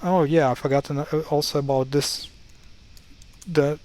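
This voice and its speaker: Man, young adult, casual tutorial, wry, exasperated, halting with fillers, slightly high voice. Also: fairly even intonation, darkish tone, slight background noise. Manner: wry, mildly exasperated, many fillers and restarts. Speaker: language explainer. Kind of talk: casual screen-share tutorial.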